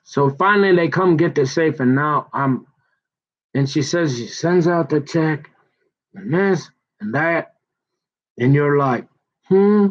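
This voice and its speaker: A man's voice: fairly high pitch, a little slow. A man telling a long rambling story in a slangy, digressive way, acting out the voices of the people in it. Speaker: show host. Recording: dull lo-fi audio.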